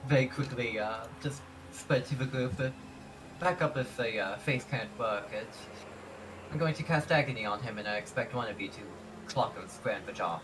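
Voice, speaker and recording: A man playing a tabletop game, planning out loud with hesitant fillers. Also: medium pitch, moderate pace, background noise. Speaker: player. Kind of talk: casual tabletop play.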